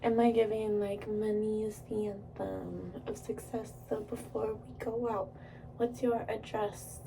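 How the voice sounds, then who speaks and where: A woman's voice: mid-range voice, little pitch movement, measured pace, gravelly, recorded from a distance, noisy background. A young woman vlogging casually while doing her makeup, rambling, giggling and swearing freely. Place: indoors at home.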